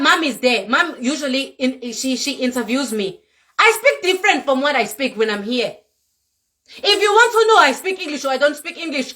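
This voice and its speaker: A woman's voice: sits high, pushed and bright. A South African woman with a Zulu accent, a vlogger giving a fiery, scolding rant to camera, repeating herself for emphasis. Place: Europe.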